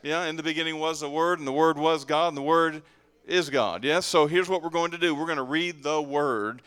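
A pastor preaches to his congregation in a smooth, clear voice that sits a little high for a man. He pulls the room in with call-and-response and light joking asides. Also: fairly quick, fairly bright tone, dry recording. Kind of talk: sermon. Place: church sanctuary with congregation.

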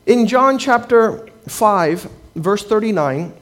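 A man's voice: high voice, expressive, slow pace. A man preaching a sermon as a pastor, telling stories and acting out the people he quotes.

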